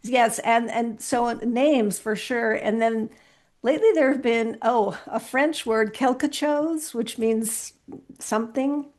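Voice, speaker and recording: A woman's voice: a little high, fairly even intonation, slow, darkish tone. A woman podcast host, now the guest, talking earnestly and with animation in a casual interview, often restarting her sentences.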